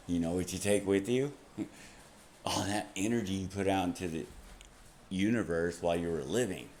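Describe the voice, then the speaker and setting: A man's voice: low voice, normal speed, pauses often, darkish tone, slight background noise. A young man talking to camera in a rambling, casual monologue, laughing often and swearing freely. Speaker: vlogger.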